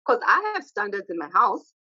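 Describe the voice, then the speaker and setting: A woman's voice: medium pitch, very animated, moderate pace, bright, forceful tone, husky. Chatty mother on a muffled line. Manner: chatty, assertive, quotes her kids' exchanges. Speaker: podcast guest, mother of three. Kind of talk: casual conversation. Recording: muffled lo-fi recording.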